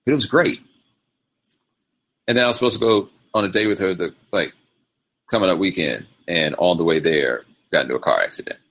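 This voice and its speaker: A man's voice: low voice, a little fast, long pauses, fairly bright tone. A man hosting his own show, telling rambling stories in casual chat and slipping into quoted voices. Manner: rambling storytelling with quoted impressions. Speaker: show host. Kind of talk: casual livestream monologue.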